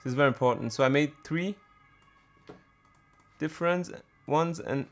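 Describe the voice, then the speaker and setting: A hesitant man with a fairly high voice explains drum production in a screen-recorded software tutorial, with faint music behind him. He's a music production tutor, and he speaks haltingly, full of fillers and restarts.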